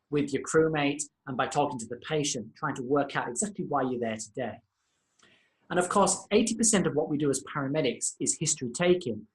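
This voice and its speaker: A man with an Australian accent, a senior lecturer giving a recorded lesson to paramedic students in an informal, instructive manner. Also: a little high.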